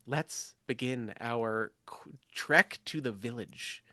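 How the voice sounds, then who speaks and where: Male game master, rambling, filler-heavy, medium pitch, dry sound. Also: takes it slowly, bright, forceful tone, dry recording. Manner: rambling, lots of ums and asides. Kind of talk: running a tabletop game live.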